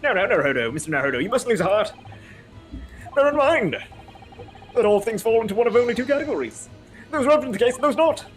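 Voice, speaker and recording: A man's voice: extremely high pitch, very animated, fast, long pauses. A man reading the lines of an eccentric, theatrical British male detective in a game, grandiose in manner, over faint game music.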